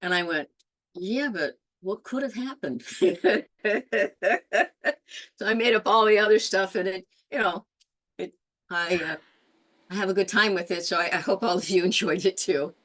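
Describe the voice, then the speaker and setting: A woman's voice: fairly low pitch, steady tone, moderate pace, long pauses, fairly bright tone. A woman storyteller telling a folk tale aloud, slipping into Spanish phrases and acting out the characters' lines. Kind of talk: oral storytelling.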